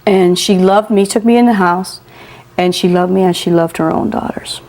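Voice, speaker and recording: A woman guest in an interview, telling a personal story in an animated way, acting out the voices of the people she quotes and laughing often. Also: on the low side, moderate pace.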